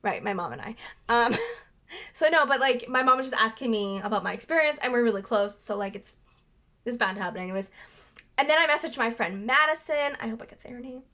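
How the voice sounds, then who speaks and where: Chatty woman with a bright, lively voice. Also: a little high, brisk. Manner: rambling, stutters and restarts; apologetic. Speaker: vlogger. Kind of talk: casual storytelling to camera. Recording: dull lo-fi recording.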